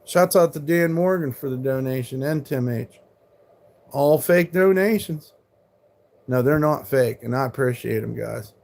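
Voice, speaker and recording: A man's voice: mid-range voice, a little slow, gravelly, a little mellow. A man in his forties, live streaming and arguing with trolls in chat, combative and full of profanity. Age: 40s.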